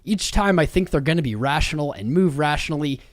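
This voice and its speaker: A young man streaming crypto news with a fairly high voice that rambles between slang and market talk. He sounds worn out after a long day, yet keeps the hype going. The sound is close and dry, with no room echo. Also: expressive, a little fast. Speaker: crypto livestream host. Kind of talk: casual livestream commentary.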